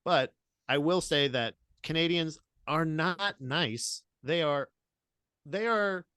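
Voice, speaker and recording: Male podcast co-host, blunt profane humor, fairly high voice, dry studio sound. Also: slow, pushed and bright, clear, resonant tone, dry recording. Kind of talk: casual chat.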